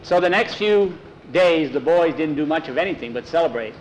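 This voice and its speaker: A man tells a spoken story with lively delivery and slips into character voices. His voice sits a touch high, and faint ambience hums behind him. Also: a little hiss or hum, rough recording.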